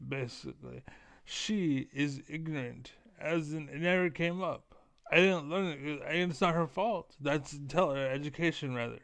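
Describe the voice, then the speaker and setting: A man streaming a casual, profane rant that rambles, with filler words repeated over and over and the throat often cleared. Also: medium pitch, no room sound.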